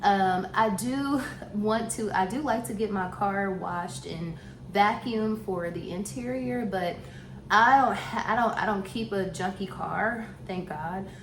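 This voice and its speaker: A woman's voice: mid-range voice, unhurried. Lady vlogger rambling and laughing, bit out of breath, roomy echo, faint hiss. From Southern US. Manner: chatty and laughing, with many restarts and asides. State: a little out of breath. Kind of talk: casual chat to camera. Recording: echoey room with faint noise.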